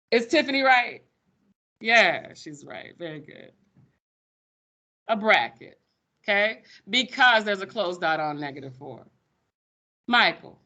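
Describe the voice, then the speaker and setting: Bright-voiced sassy math teacher. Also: female voice, medium pitch, sing-song, slow pace, pauses often. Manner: sassy, playful, calls students sugar baby. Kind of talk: classroom teaching. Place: classroom.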